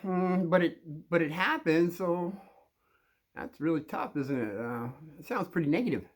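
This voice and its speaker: A man's voice: fairly high pitch, moderate pace. A man talking to the camera and giving casual advice, rambling with many fillers and restarts. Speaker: advice vlogger.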